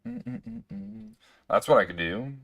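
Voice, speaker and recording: Low, slow-talking man with hiccups. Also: a bit bright. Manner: rambling, self-talking, hiccuping through the session. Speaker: gaming streamer. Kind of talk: casual gameplay commentary.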